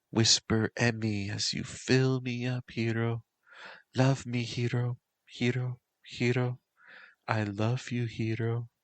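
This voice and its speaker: A man doing a breathy, clingy young woman. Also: mid-range voice, fairly bright tone, no echo, pitched above the performer's own voice. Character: clingy, self-loathing young woman lover.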